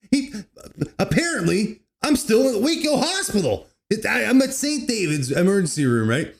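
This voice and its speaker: A man's voice: normal speed, creaky. Rambling man telling a wild story. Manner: rambling, says "dude" constantly, lively swings in pitch. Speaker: comedy podcast host. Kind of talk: casual storytelling monologue.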